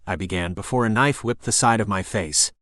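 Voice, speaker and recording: A man narrating a first-person novel as an audiobook in a steady storytelling voice. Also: fairly low pitch, brisk, dry recording, clean studio sound.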